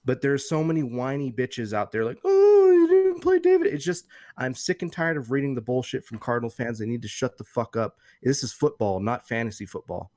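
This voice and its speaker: A man in his thirties tells a long, rambling, profane story as a podcast co-host. His voice sits at an ordinary middle pitch. It is recorded close to the mic with a dry, dead sound. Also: a little fast, hardly any pauses, no echo. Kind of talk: casual chat.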